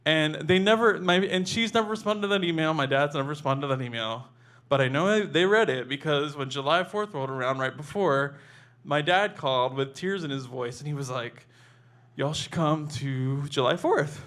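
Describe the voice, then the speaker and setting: A man's voice: fairly high pitch, fairly quick, fairly bright tone. A man telling a personal memoir story in a casual, conversational way, full of "like" and restarts.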